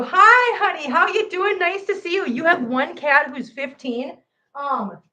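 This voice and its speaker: A woman's voice: on the high side, a bit bright. A woman hosting a home livestream, chatting and scolding her cats in a playful voice. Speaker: cat channel host. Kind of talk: livestream chat while counting cat treats. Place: room at home. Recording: echoey room, voice from afar, faint noise.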